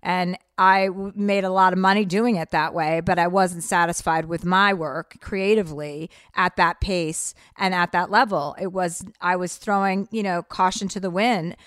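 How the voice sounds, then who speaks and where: A woman's voice: on the low side, fairly even intonation, normal speed, hardly any pauses, a bit bright, clear, resonant tone, dry recording, studio quality. A middle-aged woman from New Jersey, a comedian chatting bluntly and profanely in an interview. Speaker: comedian guest. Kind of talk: casual interview chat.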